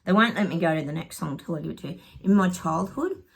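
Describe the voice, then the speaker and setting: A woman's voice: fairly low pitch, lively intonation, fast talker, vocal fry, breathy edge. A middle-aged woman, a psychic, chatting casually to viewers while pulling tarot cards, rambling and laughing often. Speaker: psychic giving tarot predictions.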